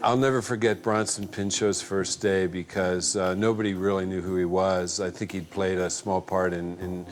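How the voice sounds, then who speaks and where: A man from a film's cast or crew reminiscing in an interview, relaxed and conversational. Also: deep voice, normal speed, hardly any pauses, faint music behind. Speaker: film cast or crew member. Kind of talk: anecdotal interview.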